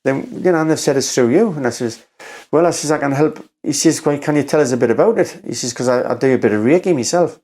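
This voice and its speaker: A man with a Geordie accent, a podcast guest telling a story in a rambling, halting way, acting out quotes with "I says". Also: mid-range voice, darkish tone. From Newcastle, England. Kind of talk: casual storytelling conversation.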